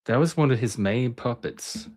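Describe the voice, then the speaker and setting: A slightly mellow, medium-pitched voice at a moderate pace belongs to a middle-aged man hosting his channel. In a casual reminiscing monologue he chats and digresses, frequently breaking off mid-sentence.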